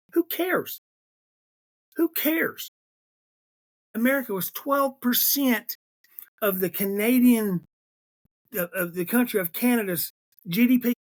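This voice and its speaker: A man's voice: sits high, fairly bright tone. A man hosting a political podcast, ranting emphatically and repeating himself when aggravated. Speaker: podcast host. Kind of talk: political commentary rant.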